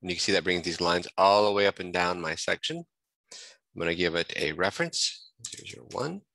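A man giving a screen-recorded software tutorial, thinking aloud and correcting himself as he clicks through menus at a desk microphone. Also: low voice, lively intonation, a little fast, creaky, no room sound, rough recording.

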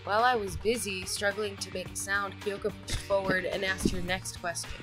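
A woman's voice: mid-range voice, level tone, normal speed, over loud music. A woman reading a visual novel aloud with friends, giggly and often breaking into laughter.

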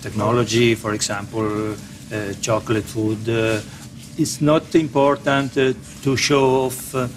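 A man with an Italian accent, an artisan chocolate maker answering questions in halting English full of "uh" pauses. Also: mid-range voice, steady tone, faint music behind. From Turin, Italy. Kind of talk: interview answers.

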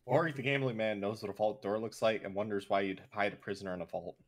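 A man's voice: on the low side, steady tone, fast talker. A man narrating as game master of a tabletop game, hesitant and full of fillers.

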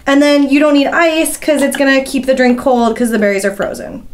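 A woman's voice: high-pitched, a little fast. A woman co-hosting a casual podcast, enthusiastic and giggly. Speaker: podcast co-host.

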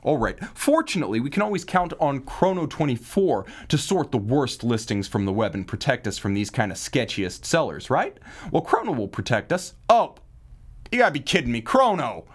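A man's voice: medium pitch, sing-song, moderate pace. A man hosting a live watch news stream, talking in a wry, theatrical way with mock outrage and puns.

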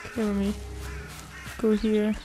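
A woman's voice: medium pitch, completely flat delivery, a little slow, mellow, soft background music. A woman giving casual running commentary on her own gameplay, talking to herself, jumpy and given to swearing. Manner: jumpy, swearing, talks to herself while playing. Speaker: gaming channel host.

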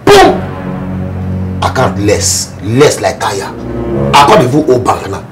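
Nigerian Pidgin-accented man, comic sketch, lamenting and animated, lively pitch, music underneath. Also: measured pace. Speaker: comedic sketch actor. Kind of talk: comedic sketch acting.

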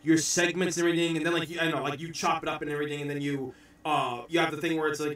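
An excitable man from the United States hosts a loose podcast chat and swears freely as he talks. His voice is bright and forceful and a little high for a man. It bounces around an echoey room, picked up by a mic set some way off. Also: very fast, recorded from a distance. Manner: excitable, swears freely, shouts bits of impressions. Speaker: podcast host.

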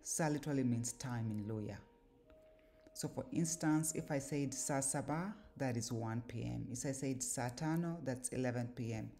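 A woman giving an explanatory lesson, speaking deliberately with occasional filler pauses. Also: a bass voice, warm tone, faint music behind. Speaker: language and scripture teacher.

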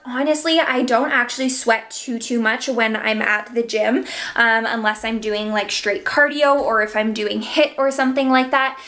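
Talking to camera at home about her hair routine, this young beauty vlogger sounds slightly breathless, being seven months pregnant. She speaks at normal speed with fairly even intonation and a slightly high, fairly bright voice, chatting casually and leaning heavily on fillers like "like" and "um."

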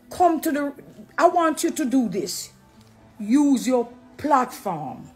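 Middle-aged Jamaican woman, fairly high voice, preachy and animated, faint music underneath. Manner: animated, preachy, affectionate, mixing patois. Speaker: dancehall artist. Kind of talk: casual direct-to-camera talk.

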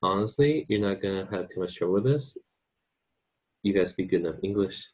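A man's voice: low voice, expressive, a little fast, slightly rough. A man teaching an online language lesson in an informal way, checking in often with his students. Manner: informal, checks in with "okay?" and "right?".

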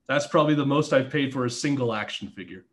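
A man guesting on a podcast, telling a story in a casual, animated way, with lots of swearing and acted-out quotes. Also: medium pitch, fast. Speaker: podcast guest, former wrestler.

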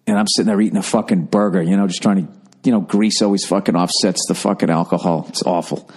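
A man's voice: low-pitched, steady tone, quick pace, a little mellow, slightly rough. A man hosting a podcast, telling a long story in a loose, swearing, digressive way and correcting himself as he goes. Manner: profane, digressive, corrects himself mid-sentence. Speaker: podcast host. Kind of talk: rambling comic storytelling.

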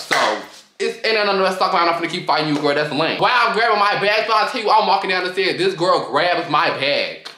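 A young man telling a profane, animated storytime to his vlog audience, often breaking into laughter. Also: a little high. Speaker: vlogger. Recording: echoey room.

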